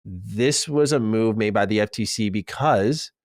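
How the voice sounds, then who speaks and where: A man's voice: fairly low pitch, a little slow, dry recording, studio quality. A man hosting a gaming podcast in casual chat, reading out news items and quotes. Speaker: podcast host.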